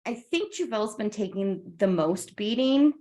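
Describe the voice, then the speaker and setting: A woman's voice: medium pitch, animated, a little slow, dark tone. A woman playing a tabletop role-playing game, casual, playful and joking. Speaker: player.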